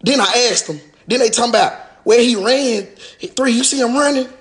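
A man with a drawl rants straight to his followers in a live-stream monologue. His voice sits noticeably high, and he goes at it in a profane, mocking way, dropping a sarcastic "sir" again and again. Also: brisk, a bit bright. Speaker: rapper addressing his followers.

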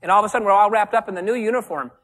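A man's voice: high-pitched, racing, a bit bright. A man giving a motivational keynote to a live audience, telling stories with theatrical energy and asking the audience questions. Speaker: keynote speaker. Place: large room before a live audience.

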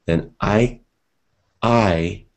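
A man with a very low voice leads a live seminar in front of a room of students. He talks with energy and speaks directly to his listeners, in a loose, conversational way. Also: extremely slow, creaky. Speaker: seminar teacher.

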